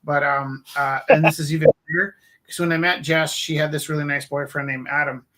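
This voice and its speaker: A man's voice: fairly high pitch, steady tone, fairly quick, fairly bright tone. A man hosting a live art stream, chatting casually and telling a rambling, self-deprecating anecdote. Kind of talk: casual chat.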